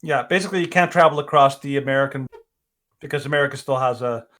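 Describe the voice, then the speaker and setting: A man's voice: medium pitch, fast, fairly bright tone. A man co-hosting a casual podcast, rambling with restarts and frequent laughs. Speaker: podcast co-host.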